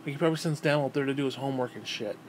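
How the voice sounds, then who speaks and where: A man's voice: medium pitch, rapid-fire, slight background noise. A man in his thirties telling a childhood memory in a casual, rambling way, cursing often and stumbling over repeated words. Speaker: vlogger. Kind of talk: casual storytelling.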